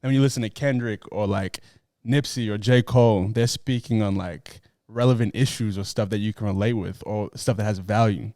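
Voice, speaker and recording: A man co-hosting a podcast, talking in a casual, animated, teasing way. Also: fairly low pitch, a little fast, no echo, studio quality. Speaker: podcast co-host. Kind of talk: casual group chat.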